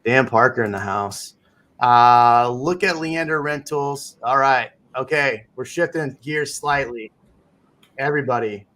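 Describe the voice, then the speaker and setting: A man hosting a loose online chat about the housing market. He jokes around and breaks into laughter easily. His voice sits at an everyday middle pitch. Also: a little slow, fairly bright tone. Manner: jokey, laughs often. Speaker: realtor hosting a livestream. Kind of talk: casual livestream chat.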